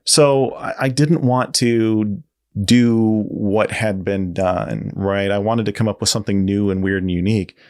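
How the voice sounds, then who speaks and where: Low-voiced man telling a story. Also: fairly even intonation, unhurried, a little mellow. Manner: rambling, self-correcting storyteller. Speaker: guest creative designer. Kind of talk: casual interview.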